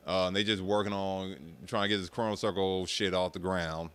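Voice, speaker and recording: A young man ranting casually to his viewers, swearing freely and mocking people in an animated way. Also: low voice, a little fast, clear, resonant tone. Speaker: streamer talking about arcade rhythm games.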